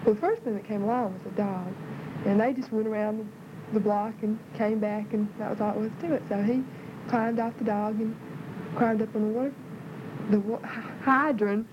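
Fast-talking Southern woman. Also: medium pitch, fairly even intonation. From Southern United States. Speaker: storyteller. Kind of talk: casual joke telling. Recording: muffled, loud vehicle noise.

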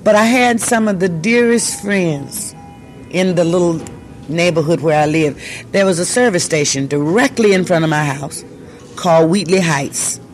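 A woman's voice: lowish voice, moderate pace, faint music behind. Older woman telling her story. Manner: animated storyteller who acts out quoted voices. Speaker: interviewee, singer. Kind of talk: casual storytelling.

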